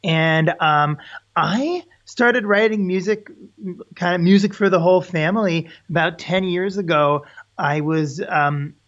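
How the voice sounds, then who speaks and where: A man's voice: sits high, measured pace, fairly bright tone, lo-fi sound. A man from New Jersey, a guest musician, chatting easily about his morning and his music in a friendly interview. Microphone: video call.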